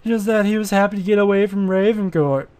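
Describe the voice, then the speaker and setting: A man's voice: high voice, a little fast, darkish tone, clean tone, voice pushed up, close to an everyday voice. A man voicing a boastful, flirtatious male adventurer in a mystery game, with a drawling, self-satisfied manner.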